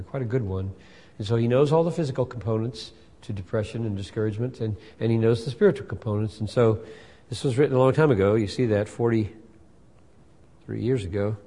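A man in his sixties preaching a sermon. His delivery swings between loud emphatic bursts and soft asides. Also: medium pitch. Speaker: pastor. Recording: long hall reverb.

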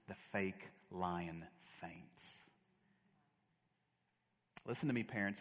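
A man preaching a sermon as a pastor, with dramatic delivery that swings from loud to hushed. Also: on the low side. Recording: long reverb of a large hall.

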